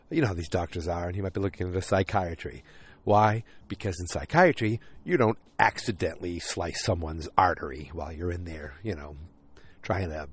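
A tired man getting over a cold, rambling through a casual episode recap with plenty of fillers. His voice sits somewhat low. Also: breathy edge.

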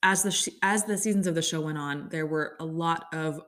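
A woman's voice: deep voice, brisk, fairly bright tone. Chatty sarcastic woman ranting casually. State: upset stomach. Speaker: podcast host. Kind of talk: casual chat.

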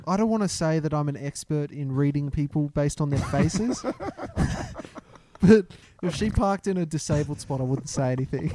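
A man co-hosting a podcast, tossing out crude deadpan wisecracks. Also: on the high side, normal speed, noisy background. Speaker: podcast co-host. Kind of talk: casual podcast chat.

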